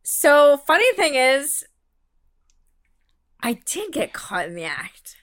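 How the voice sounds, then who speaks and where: Bright high-voiced young woman telling a story. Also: slow pace. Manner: rambling, animated, lots of "like" and quoted voices. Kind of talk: casual storytelling chat.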